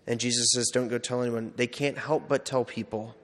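A priest giving a casual, self-deprecating personal testimony, full of "like" and quoted asides. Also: male voice, mid-range voice, fairly even intonation, brisk. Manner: conversational, self-deprecating storytelling with many "like"s. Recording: long hall reverb.

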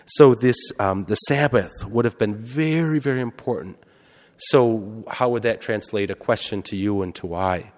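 A man's voice: fairly low pitch, moderate pace, darkish tone. A man, a priest, giving a conversational sermon and often asking the congregation questions. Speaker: Catholic priest. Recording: long hall reverb.

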